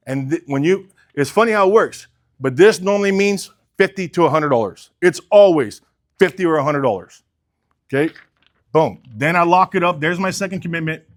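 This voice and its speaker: Animated, blunt middle-aged male sales coach. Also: on the high side. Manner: blunt, animated, swears casually, asks the group questions. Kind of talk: sales training talk with role-play.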